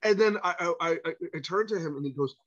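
A man telling a long anecdote as a podcast guest, animated and stumbling over his restarts, on a muffled lo-fi recording. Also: on the high side, fast talker. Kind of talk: storytelling anecdote. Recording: muffled lo-fi audio.

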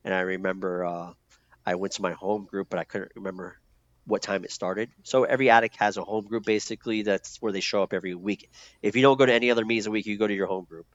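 Low-voiced man telling his story, dull recording. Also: fairly even intonation, fast talker, no room sound. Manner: loose and profane, many fillers and restarts. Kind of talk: candid conversational storytelling. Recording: dull lo-fi sound.

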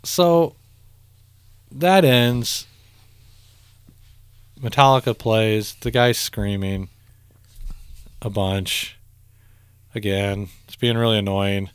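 Man, casual podcast chat, swears a lot, animated stories, dry close sound. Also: on the low side, drawn-out words, long pauses, clean tone, no echo. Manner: profane, animated storytelling. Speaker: podcast co-host.

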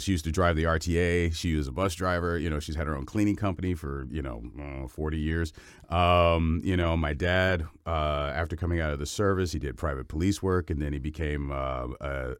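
Man in his fifties, from Cleveland, booming low bass voice, dry close sound, wandering chatty answers. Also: no echo. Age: 50s. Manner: digressive, full of restarts and asides. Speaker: voice actor and guest. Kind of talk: rambling interview answer.

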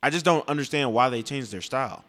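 A man's voice: mid-range voice, lively intonation, fast, a bit bright. A young man giving a casual, blunt and profane rant about music, rambling with restarts. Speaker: music commentator.

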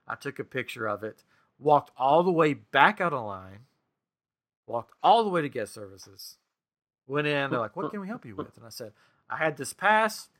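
On a podcast, a male co-host with a slightly high voice recounts a frustrating experience at a normal pace. It's a casual storytelling chat, animated and exasperated, full of quoted back-and-forth dialogue.

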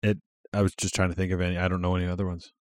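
A man's voice: low voice, level tone, rapid-fire, no echo, clean studio sound. A man co-hosting a podcast in casual chat, swearing freely and often trailing off mid-thought. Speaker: podcast co-host.

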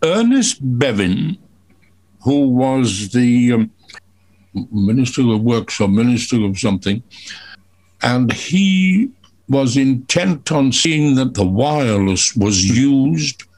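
An older man from Wales, a veteran entertainer, tells stories slowly with dry humor in a radio chat. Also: mid-range voice, sing-song, darkish tone. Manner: slow, measured storyteller with dry humor.

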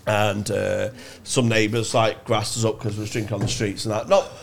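A man's voice: on the low side, level tone, normal speed, vocal fry, a little hiss or hum. A man telling a crude, swear-heavy anecdote as a podcast guest in casual chat.

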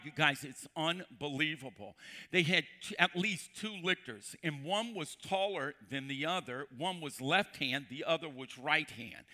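A male pastor preaching a sermon to a congregation, emphatic, slowing down to repeat scripture and quizzing his listeners. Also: fairly high pitch, sharp tone. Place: church before a congregation.

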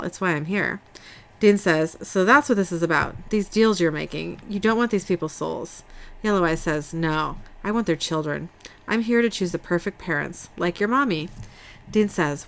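A woman's voice: lowish voice, a bit bright. A woman co-hosting a podcast, reading scene dialogue from her notes in a casual recap. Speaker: podcast host recapping an episode.

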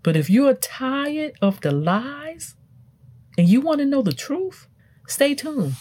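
A woman's voice: very animated, slow pace, darkish tone. A woman hosting a self-help show, talking emphatically in a motivational, preachy way. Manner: preachy, emphatic, wide swings in pitch. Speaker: self-help podcast host. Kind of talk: motivational talk.

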